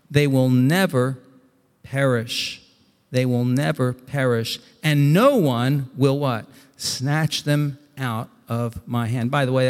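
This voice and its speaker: A man preaching a sermon, reading scripture aloud and explaining it, climbing to excited emphasis and then dropping to quiet asides. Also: medium pitch. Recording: long hall reverb.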